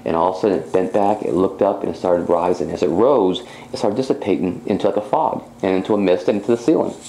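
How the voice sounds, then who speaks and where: A man, a psychic medium, telling his own experience as an animated personal testimony, acting out what he said at the time. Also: low-pitched, fast talker, creaky. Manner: animated storytelling, reenacting his own speech. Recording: roomy echo with faint background hum.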